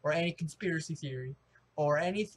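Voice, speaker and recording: A young man from the United States rambling excitably in a casual opinion vlog, full of restarts and fillers. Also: fairly high pitch, quick pace, a little hiss or hum. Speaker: vlogger.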